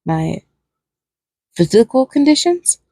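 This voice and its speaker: A woman reading aloud as a volatile male killer clown from a fan fiction story. He stammers, clings and pleads, then slips into manic giggling. The voice sits fairly high and sounds close and dry. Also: big pitch swings, slow, mellow, slightly rough, dry recording, full character voice. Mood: unhinged, clingy.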